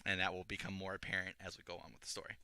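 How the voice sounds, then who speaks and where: A man's voice: sits low, monotone, very fast, pushed and bright, smooth, no echo, clean studio sound. A young man casually retelling a video game story to a friend, rambling with restarts and acting out the characters' lines. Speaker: podcast co-host explaining a game story.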